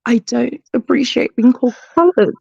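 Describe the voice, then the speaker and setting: A woman with a posh English accent, chatting on a stream and pushing back indignantly with sharp comebacks. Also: on the high side, moderate pace, vocal fry, husky, no room sound. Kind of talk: casual stream chat. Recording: dull lo-fi stream audio.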